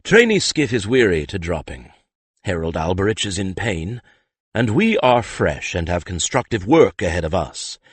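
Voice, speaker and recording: A man voicing a calm, authoritative older male leader who speaks smoothly and commandingly. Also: low-pitched, moderate pace, no echo, full character voice.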